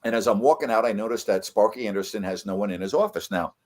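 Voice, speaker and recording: A middle-aged man, a veteran sports broadcaster, telling stories in a casual chat with lively jumps in his voice for emphasis. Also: on the low side, fast talker. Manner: animated storyteller, voice jumps up for emphasis.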